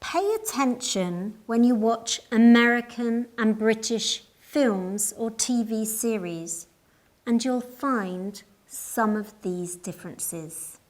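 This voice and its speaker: A woman narrating a scripted English lesson in a slow, clear and deliberate teaching voice. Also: a little high.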